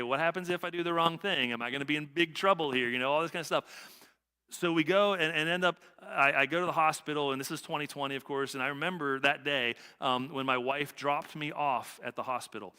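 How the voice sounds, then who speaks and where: Bright-voiced pastor in reverberant church. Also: male voice, a little high, clean tone. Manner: conversational, repeats phrases, frequent "right?". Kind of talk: sermon with personal story. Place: church sanctuary.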